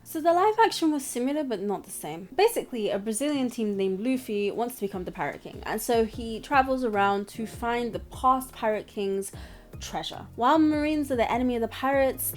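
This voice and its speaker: A young adult woman with a slightly high, somewhat mellow voice hosts an anime review channel. In this casual commentary vlog she rambles through a show review, giggling between points.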